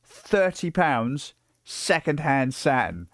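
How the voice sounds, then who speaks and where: A British man in his late thirties, chatting casually on a livestream and telling stories in an excitable, profane way, full of fillers and restarts. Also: fairly high pitch, takes it slowly, dry recording, studio quality. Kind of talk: casual rambling stream chat.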